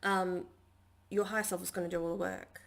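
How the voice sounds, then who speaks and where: A woman's voice: on the low side, flat delivery, fairly quick. A woman giving a casual spiritual healing talk from her dining table at home, chatty and rambling with lots of fillers. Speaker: spiritual healer and channelling teacher.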